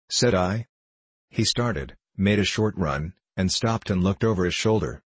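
A man narrating a classic novel as an audiobook, reading in a measured, deliberate way. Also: low-pitched, lively intonation, no echo.

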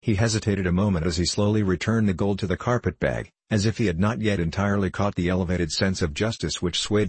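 A man reads a story aloud in a measured, formal manner. His voice sits very low with a husky grain, and the recording is close and dry with no room sound. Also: darkish tone, no echo. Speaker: narrator. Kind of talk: audiobook narration.

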